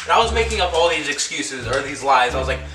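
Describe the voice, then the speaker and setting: A young man from California, telling a story at home in an animated, excitable way, full of fillers and acted-out quotes. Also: mid-range voice, quick pace, background noise. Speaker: vlogger. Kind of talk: storytime vlog. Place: at home indoors. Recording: echoey room, mic at a distance.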